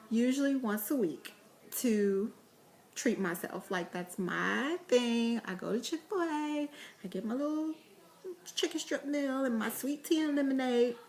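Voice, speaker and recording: Chatty woman vlogger, slightly high voice. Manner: chatty storytelling with laughter and fillers. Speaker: parenting vlogger. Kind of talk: casual vlog talk to camera.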